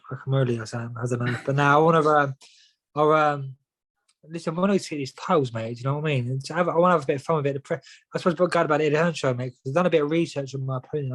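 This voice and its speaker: Young man, quick-fire podcast guest, peppers every line with "mate". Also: medium pitch, low-quality recording. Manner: rapid, says "mate" and "do you know what I mean" constantly. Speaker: professional boxer guest. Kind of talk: casual podcast chat.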